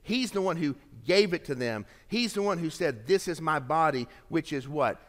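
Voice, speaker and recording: A male pastor delivers a sermon with a fairly high voice, pressing hard on key phrases and then dropping to a near hush. His words ring out with the long reverb of a large sanctuary. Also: sing-song, moderate pace. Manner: dramatic, swings from emphatic to hushed.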